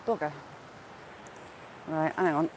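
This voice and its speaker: Her voice is low-pitched and steady, and she keeps a slow pace while greeting viewers by name during a casual live-stream walk by a wooded river. The recording is low quality, with faint outdoor sounds behind her.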